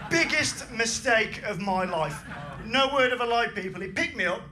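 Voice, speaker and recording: Young male stand-up from England, brash and sweary, high voice, live club mic with a noisy room. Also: lively intonation, a little fast. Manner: brash, swearing, punchy delivery over audience laughter. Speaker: stand-up comedian. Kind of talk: stand-up set. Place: comedy club stage. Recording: live club recording with crowd laughter.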